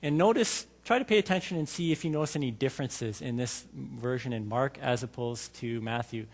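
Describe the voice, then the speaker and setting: A man's voice: mid-range voice, brisk. A man preaching a sermon in a church, talking to the congregation in a conversational way and asking them many questions. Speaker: lay preacher. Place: church sanctuary. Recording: hall reverb from a church.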